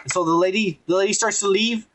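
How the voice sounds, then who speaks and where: A man's voice: high-pitched, fast, a little hiss or hum. A man hosting a podcast, recapping a show in a rambling, profane, mocking way. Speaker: podcast host.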